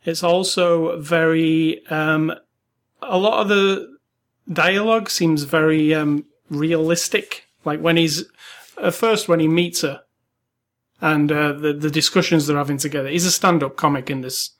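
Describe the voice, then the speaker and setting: A man's voice: a little high, steady tone, a little slow, a bit bright. A man co-hosting a weekly movie podcast, chatting casually with many fillers and restarts. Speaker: podcast co-host. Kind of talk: casual movie review chat.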